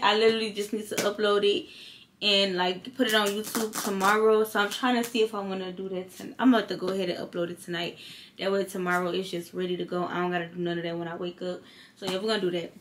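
A woman's voice: medium pitch, fast talker, slight background noise. A tired woman, vlogging in a casual late-night chat to camera and telling stories in a slangy way. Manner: chatty storytelling, slangy, animated when retelling.

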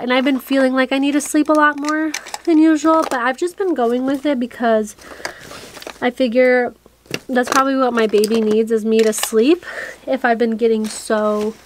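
A woman's voice: high-pitched, a little hiss or hum. Breathless young woman chatting on camera. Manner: rambling, breathless, restarts often. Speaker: vlogger. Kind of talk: chatty get-ready-with-me vlog. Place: small cluttered room indoors.

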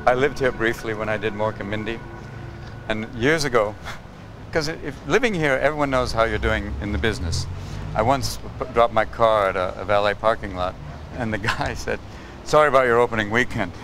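A man being interviewed as a comedian guest, talking in an animated, riffing way. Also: on the low side, background noise. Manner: animated, riffing, slips into quick impressions. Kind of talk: interview chat.

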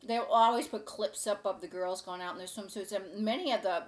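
A woman's voice: medium pitch, fairly even intonation, brisk. A woman hosting a casual cooking show, chatting to camera in a gushing, rambling way.

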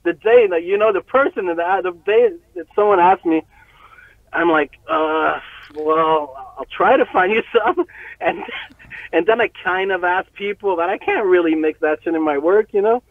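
A man telling a story as an interview guest, profane and animated, often breaking into laughter. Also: high voice, moderate pace, dry recording. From Montreal. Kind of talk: casual storytelling. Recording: tinny phone-like line, very dry.

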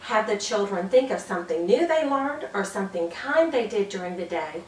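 A woman's voice: medium pitch, animated, moderate pace, reverberant, recorded from a distance, slight background noise, low-quality recording. A woman demonstrating classroom cheers for teachers, bouncy, with whoops and sound effects. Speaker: early childhood teacher trainer.

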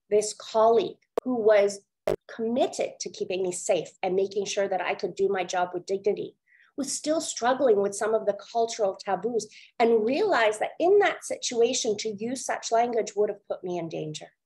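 A woman from India giving an earnest, measured storytelling talk on a webinar over a video call. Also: mid-range voice, dark tone, low-quality recording. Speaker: webinar speaker.

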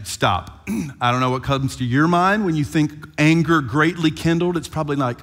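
A male pastor preaching an animated sermon and retelling scripture playfully. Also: fairly high pitch, a little slow. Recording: long hall reverb.

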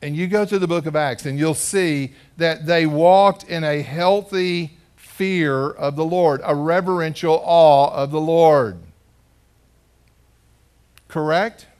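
A man's voice: a little high, slow, a little mellow, smooth. A man preaching a sermon as pastor in a church, telling a story in a conversational way and putting questions to the congregation. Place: church sanctuary.

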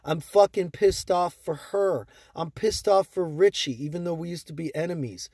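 A man with a high-pitched voice rants at his viewers, heated and profane, circling back to the same complaints again and again. The sound is dry and close, with no room around it. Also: normal speed, a little mellow, breathy edge, no echo. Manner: heated, profane, repetitive ranting. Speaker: stock market YouTuber. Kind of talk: angry ranting vlog to viewers.

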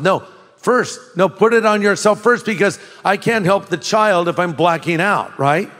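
A man's voice: high voice, normal speed, fairly bright tone. Emphatic older man preaching, hall reverb. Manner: folksy storytelling with laughs and emphatic repetition. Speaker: pastor. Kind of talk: sermon.

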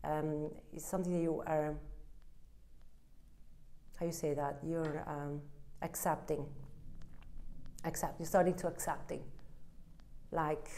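A low, dark female voice with little pitch movement, a measured pace, and frequent pauses gives a direct-to-camera tarot reading, with a little hiss or hum in the audio. The reader has an Italian accent and broken English, speaking bluntly and emphatically while acting out the listener's inner voice.

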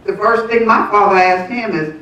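A woman in her seventies, soft-spoken, chiming in from the congregation during a church service. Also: mid-range voice, moderate pace. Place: church sanctuary. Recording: echoey, muffled, distant church room.

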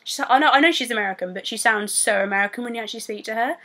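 A young woman with a British accent, telling a story to camera in a rambling, excitable way full of fillers. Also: a little high, racing. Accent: British English. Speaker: vlogger.

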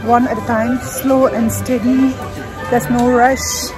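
High-voiced chatty Indian mother vlogging. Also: takes it slowly, over music. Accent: Indian English. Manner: chatty, excitable, mixes in Hindi phrases. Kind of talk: casual family vlog. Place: outdoors at a theme park.

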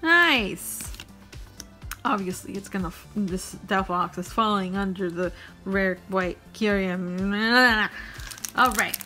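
A woman opening trading card packs on camera in a chatty, self-joking way, breaking into gasps of excitement. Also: mid-range voice, slow, faint music behind. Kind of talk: casual pack-opening chat.

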